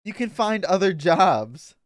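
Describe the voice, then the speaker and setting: Teasing male co-host, slightly high voice. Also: big pitch swings, takes it slowly, no room sound, studio quality. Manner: teasing, blunt and profane. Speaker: podcast co-host. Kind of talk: casual chat.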